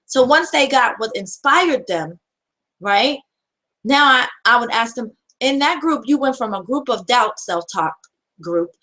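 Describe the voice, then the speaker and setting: A woman's voice: fairly high pitch, expressive, unhurried, pushed and bright, rough recording. Earnest woman firing rhetorical questions. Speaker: self-help speaker. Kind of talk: motivational talk.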